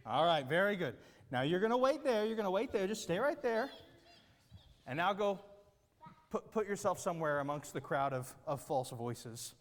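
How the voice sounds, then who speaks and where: Guiding a children's church activity, a man uses a high voice with big pitch swings at a moderate pace, coaxing the kids cheerfully and frequently checking that they follow. The recording has the long reverb of a big hall, set in a large room with a platform.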